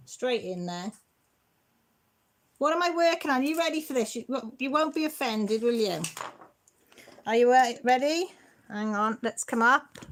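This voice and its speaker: A middle-aged woman, hosting a casual livestream and chatting and teasing as she answers viewer comments. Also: fairly high pitch. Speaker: channel host.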